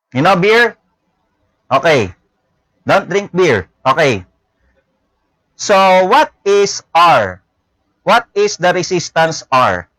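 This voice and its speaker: Filipino man, teacher, high voice, slow pace, dry classroom sound. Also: a bit bright, no echo, low-quality recording. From Philippines. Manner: repeats words, tag questions "no?" and "okay?". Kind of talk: classroom lecture.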